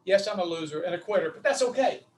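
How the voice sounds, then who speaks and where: A middle-aged man with a Southern US accent giving a folksy, animated webinar lecture, calling his audience his friends. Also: high voice, fast, recorded from a distance, a little hiss or hum, low-quality recording. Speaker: webinar speaker on vocal delivery.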